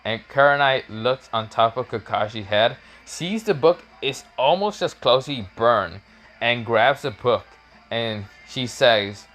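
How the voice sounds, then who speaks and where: A man rambling through an improvised fan story, halting with fillers and restarts. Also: mid-range voice, expressive, a bit bright, soft background music.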